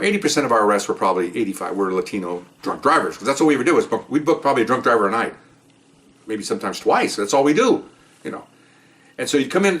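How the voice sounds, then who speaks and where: A middle-aged man, a former police officer, telling his own stories in an animated monologue with sarcastic asides. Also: on the low side. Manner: animated, sarcastic asides, mimics people he quotes. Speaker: retired police officer, podcast host. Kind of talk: storytelling monologue.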